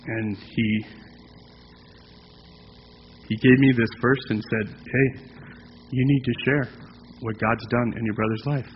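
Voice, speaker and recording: A middle-aged man, a pastor, preaching a heartfelt, conversational sermon, with filler pauses. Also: mid-range voice, steady tone, a little hiss or hum. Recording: dull lo-fi sound in a reverberant hall.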